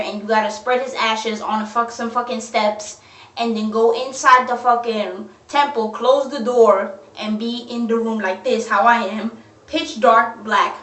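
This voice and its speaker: Young woman, movie rant, swears constantly, blunt slang, higher voice, echoey room, phone held away. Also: a bit bright, distant mic. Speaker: movie reviewer. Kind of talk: ranting movie review.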